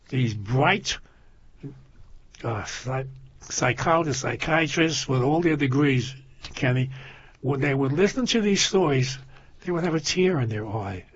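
Husky older man, rambling storyteller. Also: mid-range voice, no room sound. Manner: rambling storyteller, repeats himself, laughs at his own stories. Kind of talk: casual chat. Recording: dull lo-fi sound.

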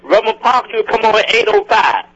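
A husky male radio host with a slightly high voice, talking folksy and easy with his gospel audience. The broadcast sound is dull and lo-fi. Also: sing-song, fast talker, fairly bright tone. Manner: folksy, addresses listeners as y'all. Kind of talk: casual gospel radio talk.

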